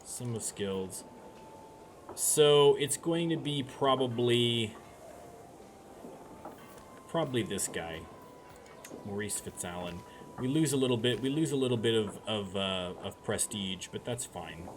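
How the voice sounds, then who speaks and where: A man's voice: medium pitch, expressive, slow, long pauses. A man talking through a strategy game as he plays, thinking aloud in a chatty way with many restarts. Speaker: let's play streamer. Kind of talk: gameplay commentary. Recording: noise behind the voice.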